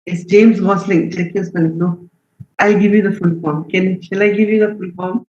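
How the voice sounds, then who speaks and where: With a steady, darkish mid-range voice at moderate speed, a programming instructor leads a live online lecture. He tests students, voices their answers, and sprinkles in "okay?" and "right?" often, over lo-fi stream audio that sounds dull and roomy.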